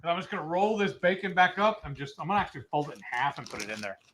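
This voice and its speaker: A man's voice: a little high, sing-song, racing, a bit bright, slight background noise. Man, casual jokester, live-stream cooking co-host. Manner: joking, chatty, talks while working. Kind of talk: casual chat while cooking.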